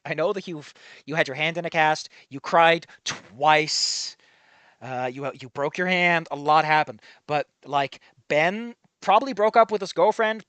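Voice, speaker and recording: A man's voice: on the high side, fairly bright tone, no room sound. A man reading a story aloud and commenting on it in a rambling, casual way, cursing freely and breaking off mid-thought. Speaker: fan fiction reader and commentator.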